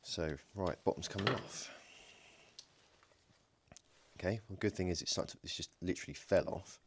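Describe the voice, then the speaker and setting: Talking quickly in a low voice over a faint hiss or hum, a man hosts a casual DIY electronics video from his home workshop. As he pulls a battery pack apart, he jokes, thinks aloud, and peppers his hands-on narration with ums and self-corrections.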